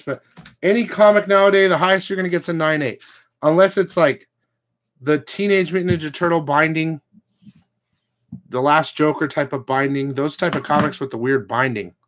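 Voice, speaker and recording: A man's voice: on the high side, brisk, fairly bright tone. Guy ranting about comics to his viewers, swears a ton, rambles off on tangents. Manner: blunt, swears constantly, rambling asides. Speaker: comic book channel host. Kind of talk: casual profane rant to viewers.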